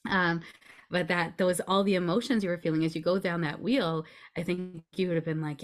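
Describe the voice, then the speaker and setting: A woman with a notably low voice speaks as a podcast guest, explaining things in an earnest, reassuring way. She often checks in with her listener as she goes. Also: steady tone, brisk. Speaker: podcast guest, grief coach. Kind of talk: conversational explaining.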